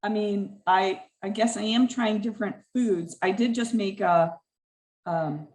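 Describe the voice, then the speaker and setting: A woman's voice: mid-range voice, measured pace, a little mellow, rough recording. A woman being read for as a client, chatting hesitantly about her life. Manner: hesitant, restarts and qualifies. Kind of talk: casual chat.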